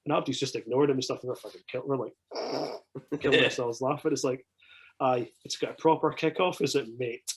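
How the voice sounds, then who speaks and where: A Scottish man swears freely while telling lively anecdotes in a relaxed podcast conversation. His mid-range voice is brisk with a breathy edge, captured in a low-quality recording.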